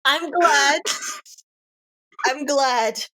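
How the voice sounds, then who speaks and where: A woman co-hosting a podcast in casual chat, excitable and prone to wandering off onto tangents. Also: high voice, drawn-out words. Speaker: podcast co-host.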